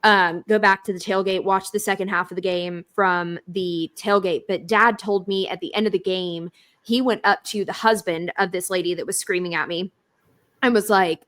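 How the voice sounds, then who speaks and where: A young woman, co-hosting a podcast and telling stories in a blunt, animated way. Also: lowish voice, moderate pace. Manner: animated storytelling, swearing, blunt. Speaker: podcast co-host. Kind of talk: casual chat.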